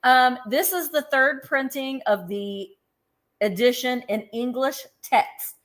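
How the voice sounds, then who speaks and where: A woman's voice: high voice, slow, a bit bright. A woman hosting a live vintage sale, chatting casually, laughing easily and describing each item in detail. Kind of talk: casual live-stream selling.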